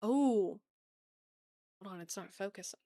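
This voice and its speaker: A woman with a Southern US accent hosting a casual card-opening video, bubbly and gushing, thinking aloud and laughing softly as she talks to viewers. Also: mid-range voice, a little slow, no room sound, studio quality. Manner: bubbly, gasping and gushing over cute cards. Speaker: card-opening channel host.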